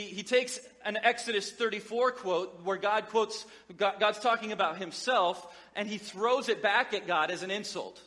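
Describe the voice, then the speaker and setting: A man's voice: high-pitched, sharp tone, in a large hall. A man preaching a sermon as pastor, in a conversational, joking manner with frequent restarts.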